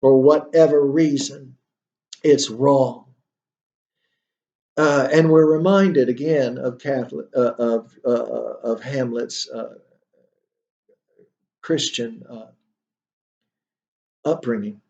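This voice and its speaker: A man's voice: medium pitch, slow, creaky, long pauses, mellow, dull audio. A male instructor giving a literature lecture, thinking aloud with many fillers and rhetorical questions.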